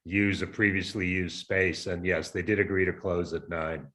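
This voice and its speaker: A man with a fairly low voice speaks calmly and factually in a virtual committee meeting. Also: moderate pace. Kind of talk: meeting discussion. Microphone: video call.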